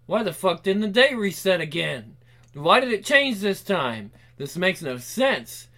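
Voicing the hero of a game, this man talks to himself in a panicky rush of thoughts, swearing frequently. His voice is a little high, with a fairly bright tone, in this voice-over playthrough.

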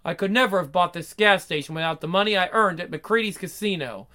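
A hot-tempered young husband. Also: male voice, high-pitched, fairly quick, sharp tone. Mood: defiant. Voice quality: brusque, streetwise. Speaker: gas station owner, husband. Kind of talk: 1940s radio acting.

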